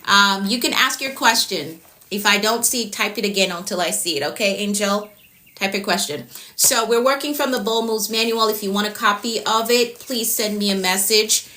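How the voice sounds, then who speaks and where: A woman's voice: mid-range voice, moderate pace, bright, forceful tone. A woman from Jamaica with a Jamaican accent, a productivity coach chatting on a live stream, repeating her points and answering viewers' comments as they come in.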